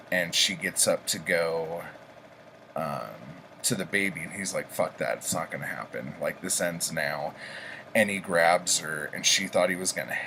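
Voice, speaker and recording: A man's voice: low-pitched, bright, forceful tone, slight background noise, rough recording. A man casually reviewing books he read this week, rambling with many ums and likes. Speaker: book reviewer, vlog host. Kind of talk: casual book review chat.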